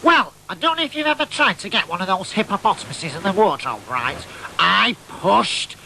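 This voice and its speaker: A man playing an excitable boyish oddball, telling a comic tall tale in a nasal, chatty way. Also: high voice, moderate pace, creaky, slight background noise, full character voice, poor audio. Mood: excited. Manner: nasal, chatty, keeps asking "right?". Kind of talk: comic monologue storytelling.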